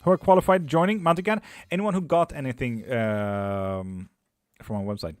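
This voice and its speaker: A man's voice: medium pitch, steady tone, moderate pace, no room sound. A man, a tarot reader hosting a live stream, chatting loosely with viewers, swearing and laughing often.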